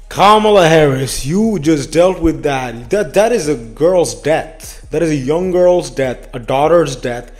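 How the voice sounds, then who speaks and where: A man's voice: mid-range voice, a little mellow. A man hosting a casual political reaction commentary, blunt and profane, often adding "man" and "bro.".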